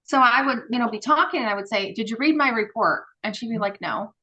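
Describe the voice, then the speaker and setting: A woman guest on a podcast, telling stories in a casual, animated way with many fillers and acted-out dialogue. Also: fairly high pitch, quick pace, lo-fi sound. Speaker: podcast guest, former group home worker. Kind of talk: casual interview storytelling.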